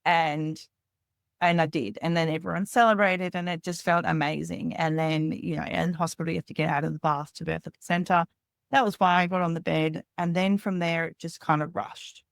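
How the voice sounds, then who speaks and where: A woman's voice: low voice, steady tone, fairly quick, vocal fry, no echo, studio quality. A woman in her thirties, a podcast guest, telling a personal story candidly in a rambling way with lots of "like".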